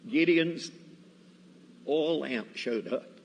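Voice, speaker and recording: A man preaching in a church, telling Bible and personal stories in a folksy, deliberate way. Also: a little high, gravelly. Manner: slow, folksy, deliberate storytelling. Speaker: guest preacher. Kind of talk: storytelling sermon. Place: church sanctuary. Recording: reverberant church hall, faint ambience.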